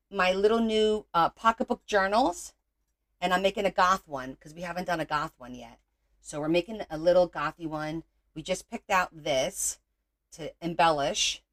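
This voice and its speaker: A middle-aged woman hosting a casual crafting livestream, chatting and teasing viewers as she works and greeting them by name. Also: mid-range voice.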